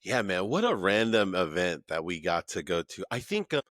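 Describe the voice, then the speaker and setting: Deep-voiced man hosting a casual podcast. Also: very animated, moderate pace, fairly bright tone, no echo, studio quality. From Pacific Northwest, USA. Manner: friendly, chatty questions full of "like" and "man". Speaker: podcast host. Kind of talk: casual remote podcast interview. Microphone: remote recording, podcast mic.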